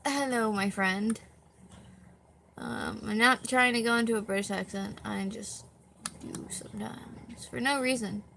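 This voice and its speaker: A woman's voice: fairly high pitch, steady tone, moderate pace, vocal fry, sharp tone, slight background noise. A young woman chatting casually on a live stream, tired, rambling and self-deprecating, with a dog on her back at home.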